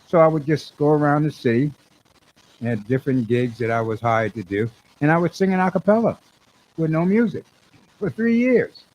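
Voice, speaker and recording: On a low-quality recording, a singer-songwriter with a highish, darkish voice tells a meandering story at a normal pace. He's animated, often circles back to restart, and acts out his own quoted words.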